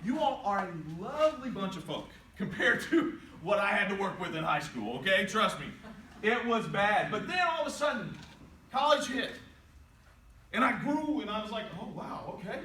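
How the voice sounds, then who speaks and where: Lively high-voiced man giving a playful speech. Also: normal speed, slight background noise. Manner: playful, animated storytelling with jokes and acted-out quotes. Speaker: motivational speaker. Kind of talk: inspirational talk to students. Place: large hall or auditorium. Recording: echoey hall, voice from a distance.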